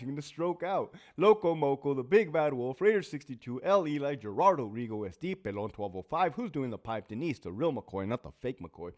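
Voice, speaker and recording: Speaking at a normal pace in a mid-range voice full of lively intonation, a man who used to be a prison officer hosts a casual talk show. He tells stories, reads viewer names aloud, and swears without holding back.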